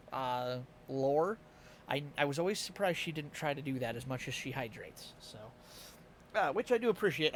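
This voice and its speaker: A man's voice: fairly high pitch, a bit bright, slight background noise. A tired man with a Midwestern American accent, chatting casually and laughing often as he streams live to his chat. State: a little tired.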